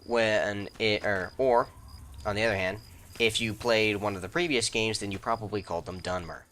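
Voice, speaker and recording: A young man talks his way through a game session in a bright, forward voice that sits a little low, and he rambles and doubles back mid-sentence. Faint crickets and clicks run behind him. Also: normal speed, a little hiss or hum. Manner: rambling, chatty, self-interrupting; breaks into squeaky high mock voices. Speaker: let's play host. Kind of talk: casual gameplay commentary.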